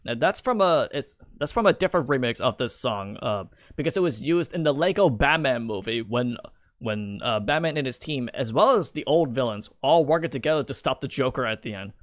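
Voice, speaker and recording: A man's voice: mid-range voice, expressive, brisk, no room sound, clean studio sound. A young man giving casual live-stream commentary, rambling and stammering with many restarts. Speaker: streamer and video creator.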